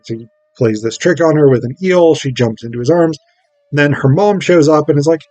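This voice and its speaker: A man's voice: a little high, brisk, a little mellow, no room sound, poor audio. A man casually summing up a film plot, rambling and wry, with lots of ums and uhs. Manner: rambling, filler-heavy, wry. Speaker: film reviewer.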